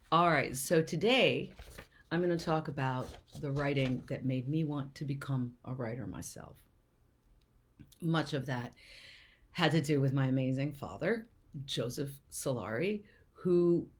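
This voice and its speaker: A woman poet hosting a live show, chatting and reading verse aloud, often sinking into soft near-whispers with bright upward lifts. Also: low-pitched. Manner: lets phrases sink into soft near-whispers. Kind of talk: live-streamed poetry talk and reading.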